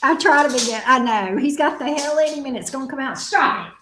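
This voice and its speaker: A woman's voice: high-pitched, brisk, hardly any pauses, a bit bright, a little hiss or hum. A woman who hosts a tarot channel. She chats casually and teasingly with viewers and her dog. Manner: playful, teasing, joking. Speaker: tarot reader, channel host. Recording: echoey room.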